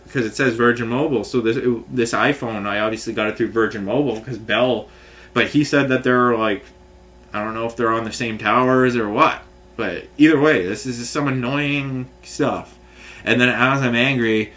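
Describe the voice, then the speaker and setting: A man's voice: mid-range voice, a bit bright. A man venting in a rambling, agitated rant full of swearing and restarts. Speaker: vlogger. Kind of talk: frustrated rant to camera.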